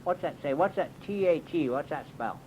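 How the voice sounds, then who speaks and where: A man's voice: a little high, expressive, moderate pace, a little mellow, a little hiss or hum. A man doing a comic monologue as a cave tour guide, rambling in a folksy drawl with bouts of mock alarm. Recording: dull lo-fi recording.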